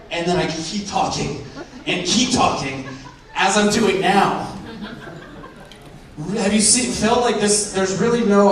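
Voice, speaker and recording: A nineteen-year-old man from Arizona doing a rambling, self-mocking stand-up set in a comedy club, recorded by a far-off camera. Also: sits high. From Arizona, USA. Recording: far-off echoey club with crowd and noise.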